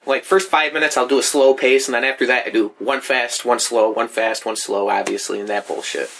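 Male podcast co-host, mid-pitched, loose rambling delivery, frequent swearing. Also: steady tone, a little fast, vocal fry, a bit bright. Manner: rambling, swears freely, lots of fillers. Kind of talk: casual chat.

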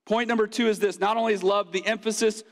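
A man's voice: high voice, steady tone, quick pace. A man preaching a sermon as pastor, in a casual, conversational way with playful asides. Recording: long reverb of a church hall.

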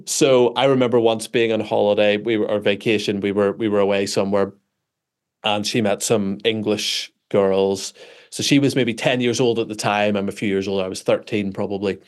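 A Northern Irish man, an author answering interview questions in an animated, self-deprecating storytelling way, often restarting his sentences. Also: fairly low pitch, moderate pace. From Northern Ireland. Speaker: author and guest.

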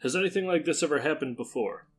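A man's voice: a little high, fast talker, breathy edge, soft background music. A man playing a tabletop game, asking polite, inquisitive questions. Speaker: player.

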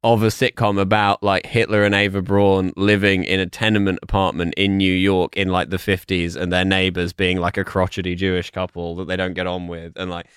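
A man's voice: deep voice, level tone, a bit bright, clear, resonant tone, no room sound, clean studio sound. British man riffing in comedic chat. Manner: riffing, quick asides, bursts of laughter. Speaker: podcast co-host.

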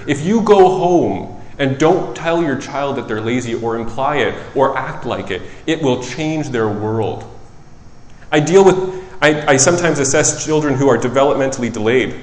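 A man preaching a sermon in a relaxed, conversational way, who often corrects himself and tells stories from his work as a child psychologist. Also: mid-range voice, moderate pace. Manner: conversational, self-correcting, animated storytelling. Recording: echoey hall with long reverb.

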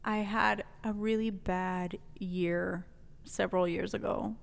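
Woman, from New Mexico, casual storyteller, lively, cusses, middle pitch, reverberant sound. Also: slow pace, gravelly. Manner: animated, swears freely, laughs often. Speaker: podcast guest telling a story.

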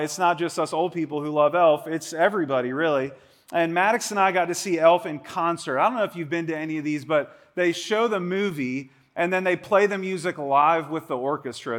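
Brief: male pastor, 40s, chatty sermon delivery, slightly higher-pitched voice, animated asides. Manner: conversational, animated, quick asides.

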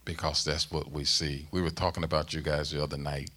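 A middle-aged man preaching a sermon, with emphatic rising bursts that ease into a soft closing prayer. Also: rumbling low, level tone, a little fast. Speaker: guest preacher.

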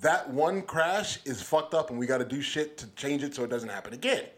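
A man's voice: medium pitch, fairly quick, fairly bright tone. A man co-hosting a podcast in a studio, talking bluntly and with plenty of swearing as he gets heated. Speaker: podcast co-host. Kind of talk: casual chat.

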